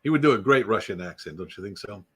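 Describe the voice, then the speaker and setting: A man's voice: fairly low pitch, lively intonation, fast talker, a bit bright, husky. Jokey man hosting a casual livestream. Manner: rambling, joking, greets viewers by name. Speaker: YouTube livestream host. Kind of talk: casual unscripted live chat.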